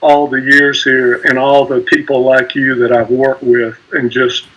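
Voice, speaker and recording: Older retiree with a bright, forward voice, modest reminiscing on a video call. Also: male voice, medium pitch, flat delivery, measured pace, low-quality recording. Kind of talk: casual remarks on a video call.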